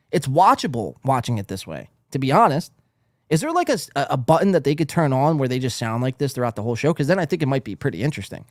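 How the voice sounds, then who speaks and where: A man hosting a podcast, reacting to a clip with crude, mocking sarcasm. His pitch swings up and down in an animated way. The sound is close and dry, with no room echo. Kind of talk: commentary.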